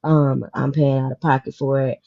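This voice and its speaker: This podcast host, a woman in her thirties, has a rumbling low voice with vocal fry and a flat delivery at normal speed, and the recording is muffled. In the casual panel chat, she speaks emotionally and emphatically, going over her points again and again.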